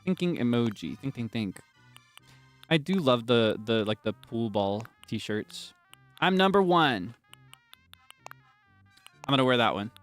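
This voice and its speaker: A man streaming a game, chatting casually and rambling between sudden loud, high outbursts. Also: animated, a little slow, pauses often, soft background music. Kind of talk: casual gameplay chat.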